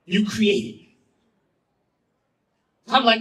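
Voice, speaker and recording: A man telling a personal story as a spoken-word performer, theatrical, swinging from loud lines to hushed ones and repeating phrases for effect. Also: sits high, lively intonation, unhurried, recorded from a distance, low-quality recording.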